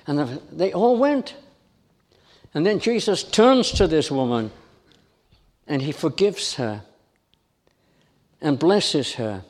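Slow, emphatic preacher. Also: male voice, a little high, very animated, darkish tone. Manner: emphatic, repetitive rhetorical questions. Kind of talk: sermon.

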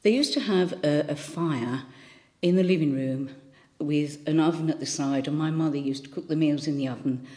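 An elderly woman in her eighties with a low, deep voice and a faint Birmingham accent. She tells chatty, rambling stories, full of ums and restarts. She is giving a thought for the day. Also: moderate pace, darkish tone. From Birmingham, England. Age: 80s. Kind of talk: casual anecdotal talk.

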